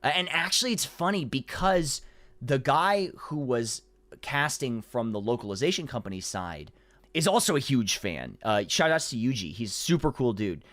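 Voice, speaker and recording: A man with a very lively, up-and-down delivery, chatting as a podcast guest about his voice work. He rambles and restarts his sentences, and the sound is dry and close with no room echo. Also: mid-range voice, moderate pace. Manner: animated, rambling storytelling with many restarts. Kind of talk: casual podcast conversation.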